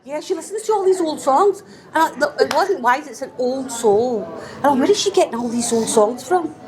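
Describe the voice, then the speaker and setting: A woman's voice: high-pitched, animated, brisk, a little mellow. A woman guest on a podcast, chatting casually and teasing with lots of giggles. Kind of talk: casual chat.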